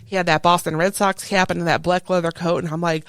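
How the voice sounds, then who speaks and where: Animated woman telling stories, smooth voice. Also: lowish voice, fairly quick, no echo. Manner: lively, animated storyteller who acts out quoted voices. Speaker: guest, retired Coast Guard chief petty officer. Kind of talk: casual storytelling interview.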